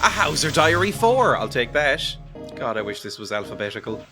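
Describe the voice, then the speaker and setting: A man's voice: mid-range voice, sing-song, normal speed, pushed and bright, faint music behind. A man giving casual, sarcastic commentary while playing a video game, joking and laughing often. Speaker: let's play gamer.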